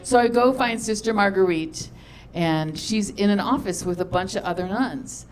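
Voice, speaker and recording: A middle-aged woman on a comedy stage, rambling through a personal story with lots of "um"s and quoted back-and-forth. Her voice sits at an ordinary pitch for a woman, and a faint hum of the room hangs behind her. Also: normal speed. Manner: chatty, self-deprecating, many fillers and quoted dialogue. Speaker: stand-up comedian. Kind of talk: storytelling stand-up set.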